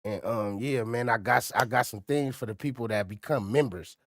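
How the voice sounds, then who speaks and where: A man of medium pitch speaks close to the microphone in a dry, dead room. He talks casually to his chat, asking for their views and giving thanks for donations. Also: normal speed, dry recording. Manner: conversational, addresses chat directly. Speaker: livestream reaction host. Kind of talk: casual live-stream commentary.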